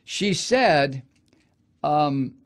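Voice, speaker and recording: A man's voice: on the high side, lively intonation, extremely slow. A man hosting a political talk show, delivering a sardonic, profane ranting monologue. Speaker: radio talk show host.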